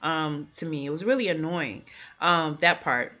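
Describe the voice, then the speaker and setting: A young adult woman casually recapping TV episodes, animated and talking straight to her viewers, with her voice jumping high whenever she reacts. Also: moderate pace. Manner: jumps high in pitch when reacting. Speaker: TV show reviewer.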